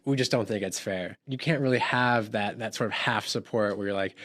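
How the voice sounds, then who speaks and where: A man explaining his view in a hedging, measured way. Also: lowish voice, fairly bright tone. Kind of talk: interview talk.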